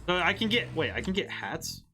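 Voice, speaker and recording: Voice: medium pitch, big pitch swings, fairly quick. A game streamer from the northern United States giving casual, bemused let's-play commentary, giggling and talking back to the characters. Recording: game music playing clearly underneath.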